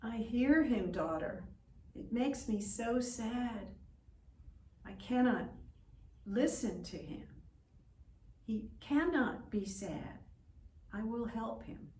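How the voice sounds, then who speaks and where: A woman voicing a soft-hearted old sky chief who talks to his grandchild in a gentle, pleading way. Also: fairly high pitch, expressive, takes it slowly, pauses often, slight background noise. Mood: tender. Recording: roomy echo, distant from mic.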